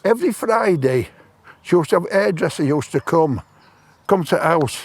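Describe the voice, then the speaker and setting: This is casual storytelling from an elderly man in his 70s, a stranger on a park bench outside, who wanders plainly through a lengthy personal tale. His slightly high voice is animated and moves at normal speed, with no room sound.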